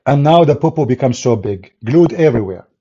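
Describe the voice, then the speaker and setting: Male debater, non-native English, jeering and emphatic; mellow, raspy tone on a muffled lo-fi track. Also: medium pitch, animated, a little fast. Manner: scornful, emphatic, laughs and jeers often. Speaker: religious debater. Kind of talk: mocking polemic commentary.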